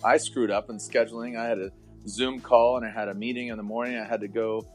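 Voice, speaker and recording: A man's voice: mid-range voice, steady tone, fast talker. Guy in his 40s rambling on a podcast, stops and restarts a lot, cracks jokes, bit of music behind. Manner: rambling, self-interrupting, joking. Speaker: podcast guest, motorsport announcer. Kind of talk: casual chat.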